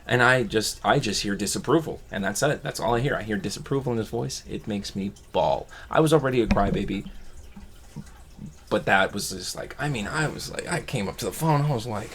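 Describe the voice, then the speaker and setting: Low-voiced male vlogger, reflective confessional storytelling, loose and rambling. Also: fairly quick, fairly bright tone, slight background noise. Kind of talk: personal storytelling.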